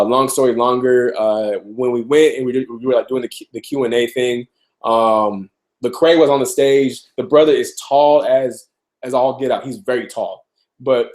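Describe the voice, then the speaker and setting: A man's voice: mid-range voice, a little mellow. Chatty young man with a cold. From Tucson, Arizona. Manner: loose and chatty, many fillers and restarts. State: a little sick, clearing throat. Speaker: rapper answering viewer questions. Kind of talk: casual live Q&A stream.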